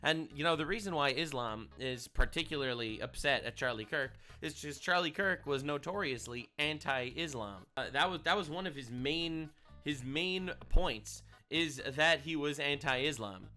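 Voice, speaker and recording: A man talking through clips in a loose, sarcastic commentary style, repeating lines for effect. His voice is bright and forceful and sits a little high for a man, with faint music behind him. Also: expressive, moderate pace. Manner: sarcastic and indignant, repeats phrases. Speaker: online commentator. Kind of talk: casual reaction commentary.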